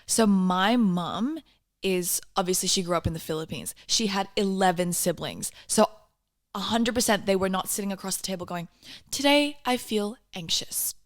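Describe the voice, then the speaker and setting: A woman in her twenties hosting a podcast, chatting casually and telling animated stories with quick asides. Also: medium pitch. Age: 20s. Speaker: podcast host. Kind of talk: casual chat.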